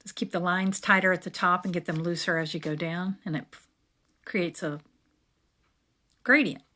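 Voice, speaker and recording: A woman casually explaining her journaling steps as she works, now and then slowly reading verses aloud. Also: on the low side. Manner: relaxed, chatty, reads verses aloud slowly. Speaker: creator. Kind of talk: casual craft tutorial narration.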